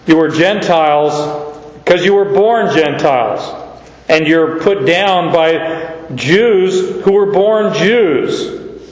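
A man from Canada teaching a verse-by-verse Bible sermon as a pastor, slow and emphatic, asking rhetorical questions. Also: on the high side. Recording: echoey hall, dull lo-fi sound.

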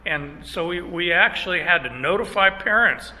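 A middle-aged man preaching a sermon as pastor, emphatic, stressing words in slow phrases. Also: sits high, expressive, bright, forceful tone, long reverb tail, poor audio.

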